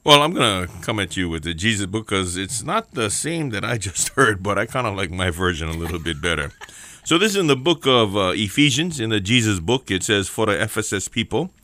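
Playful, bright-voiced Hawaiian man preaching. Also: fairly low pitch, expressive, a little fast, no room sound. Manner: playful, chatty, folksy. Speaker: church devotional host. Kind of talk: casual, joking sermon.

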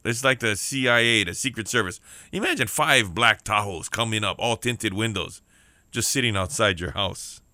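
A man's voice: lowish voice, normal speed, bright, forceful tone, no room sound. A man preaching a sermon on the radio, emphatic, repeating key lines and calling out for amens. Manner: emphatic preaching with repeated phrases and call-outs for amen.

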